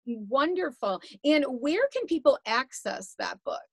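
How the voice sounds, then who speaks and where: A woman's voice: high-pitched, big pitch swings, measured pace, gravelly, slightly rough, dry recording. A woman hosting an interview, asking questions in a chatty, encouraging way. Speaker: host.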